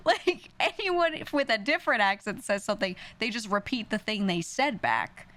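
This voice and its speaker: A woman's voice: mid-range voice, lively intonation, normal speed, a bit bright, dry recording. Streamer, young woman, New York accent, casual ranting chat, swears freely.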